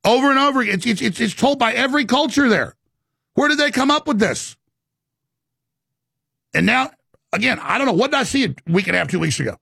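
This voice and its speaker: A man's voice: very high voice, lively intonation, brisk, vocal fry, pauses often, pushed and bright, slightly rough, dry recording, clean studio sound. A man hosting a talk show, delivering an impassioned, rambling monologue with emphatic stresses and many stammered restarts.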